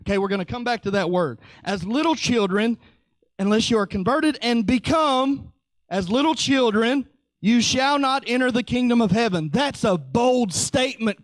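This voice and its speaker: A man preaching with a high, bright-pitched voice and a playful, animated delivery. He jokes and slips into quick acted-out voices while he teaches. The sound is close and dry, with no room echo. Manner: lively, joking, acts out voices. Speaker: pastor. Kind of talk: sermon.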